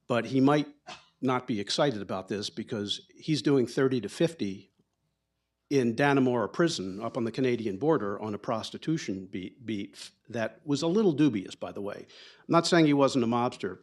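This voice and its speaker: A man's voice: mid-range voice, lively intonation, moderate pace, darkish tone. A man giving an author's book talk at a bookstore, telling stories in a chatty, digressive way full of asides. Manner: chatty, digressive, with frequent asides and quoted dialogue. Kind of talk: anecdotal storytelling to an audience. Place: bookstore event space.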